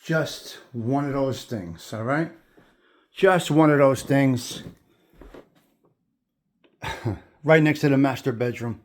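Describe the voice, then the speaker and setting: Taking things slowly with long pauses, a man of medium pitch leads a walking tour of an old house. He passes between rooms, speaking to viewers with admiration and repeating his words.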